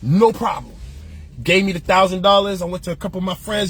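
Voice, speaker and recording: A man's voice: high-pitched, a little fast, creaky, fairly bright tone, faint music behind. A man hosting his own opinion show, telling stories in a loose, slangy, profane way. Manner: passionate, profane, heated. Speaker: podcast host. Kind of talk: ranting opinion monologue.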